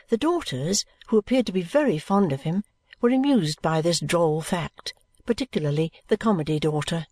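A woman narrating an audiobook of a classic novel at a measured, even storytelling pace. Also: fairly low pitch, dry recording. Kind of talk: scripted narration.

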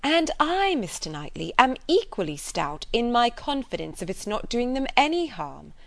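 A woman reading the part of a gentle, kindly middle-aged lady in an audiobook, speaking earnestly. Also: a little high, big pitch swings, moderate pace, gravelly, no room sound, pitched above the performer's own voice.

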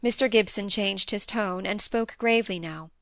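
A woman's voice: mid-range voice, moderate pace, vocal fry, no room sound. Woman narrating a classic novel. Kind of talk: audiobook narration.

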